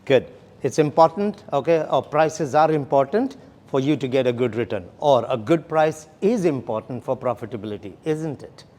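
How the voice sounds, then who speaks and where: A man's voice: medium pitch, animated, moderate pace, darkish tone. A man leading a sales training session, explaining steps and often checking in with "okay?" and "right?". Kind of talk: classroom training lecture.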